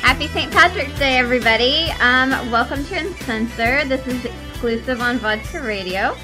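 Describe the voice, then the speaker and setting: A woman's voice: high voice, moderate pace, music in the background, rough recording. A woman hosting a casual talk radio show, chatty, with many ums and frequent laughs. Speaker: host.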